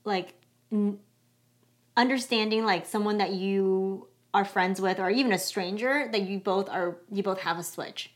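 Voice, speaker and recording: A woman's voice: mid-range voice, unhurried. A woman co-hosting a casual podcast, bubbly and teasing, with lots of fillers. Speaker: podcast co-host. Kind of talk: casual chat.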